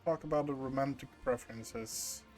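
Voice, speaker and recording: A man's voice: medium pitch, fairly even intonation, normal speed, a little mellow, faint music behind. A man streaming a game playthrough, reading his choices aloud in a playful way and laughing often.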